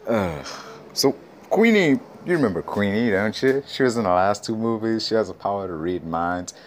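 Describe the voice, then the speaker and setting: A man's voice: fairly low pitch, a little fast, background noise. A man reviewing a movie in a casual rant, exasperated, swearing and firing off rhetorical questions.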